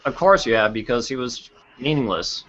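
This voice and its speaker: A man's voice: medium pitch, lively intonation, normal speed, fairly bright tone, a little hiss or hum. A man co-hosting a casual podcast chat, blunt and sarcastic, swearing freely. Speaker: podcast co-host. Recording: dull lo-fi podcast audio.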